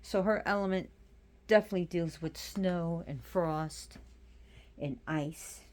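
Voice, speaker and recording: Slow-talking woman chatting at home. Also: fairly low pitch, a little mellow. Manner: slow, rambling, stops to scold her pets. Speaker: pagan religion video host. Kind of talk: casual spoken talk to viewers.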